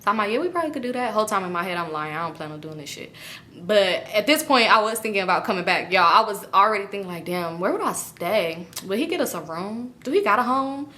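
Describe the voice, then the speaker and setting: A woman's voice: medium pitch, animated, fast talker, sharp tone. A young woman vlogger telling a casual storytime, animatedly acting out her friends' lines.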